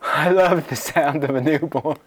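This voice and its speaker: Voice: mid-range voice, normal speed. A comedy podcast co-host improvising a story and playfully egging on their partner.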